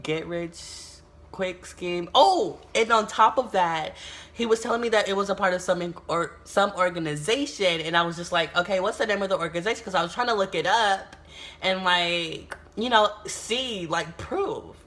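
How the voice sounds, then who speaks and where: A young adult woman from the United States tells a storytime vlog in a casual, animated way, swearing often and exclaiming a lot. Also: on the low side, moderate pace. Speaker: YouTuber.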